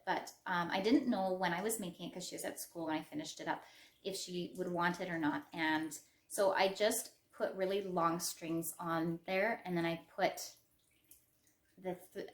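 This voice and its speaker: A woman's voice: fairly low pitch, slight background noise. A middle-aged woman with a Western Canadian English accent, hosting a crochet podcast in a chatty, rambling show-and-tell manner with self-deprecating asides. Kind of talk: casual show-and-tell chat. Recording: roomy echo.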